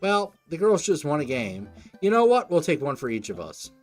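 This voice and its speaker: A man voicing an easygoing jock dad, talking slowly and loudly. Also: a little high, very animated, faint music behind, pitched above the performer's own voice.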